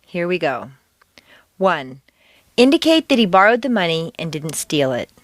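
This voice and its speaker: A woman teaching pronunciation on a scripted audio course, speaking deliberately and exaggerating the stressed words. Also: lowish voice, very animated, slight background noise.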